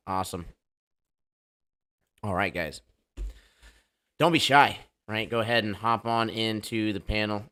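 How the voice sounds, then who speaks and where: Deep-voiced joking livestream host man. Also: a bit bright. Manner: loose, joking, hype-style banter. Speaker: livestream debate show host. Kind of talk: casual livestream chat.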